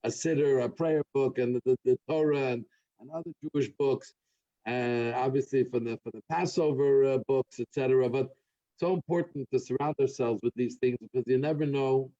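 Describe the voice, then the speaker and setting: A man who is a rabbi, giving closing remarks and telling a joke with earnest, halting storytelling and many fillers. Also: mid-range voice, warm tone, lo-fi sound.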